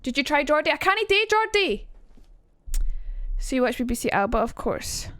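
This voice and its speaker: A woman's voice: high voice, very animated, moderate pace, fairly bright tone, dry recording. A woman streamer chatting casually and rambling as she reacts to her chat during a live stream, speaking into a streaming mic.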